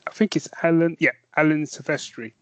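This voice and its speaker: A man's voice: fairly high pitch, fairly even intonation, a little fast, a bit bright, dry recording. A man with a North London accent co-hosting a podcast, chatting casually and enthusiastically, with many fillers and restarts. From North London, England. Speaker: podcast co-host. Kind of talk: casual chat.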